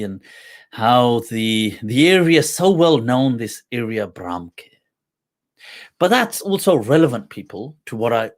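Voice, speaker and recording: A man hosting a talk show, telling a personal story in a casual, animated way with frequent laughter. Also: mid-range voice. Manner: animated, laughs often, acts out quoted voices. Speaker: host.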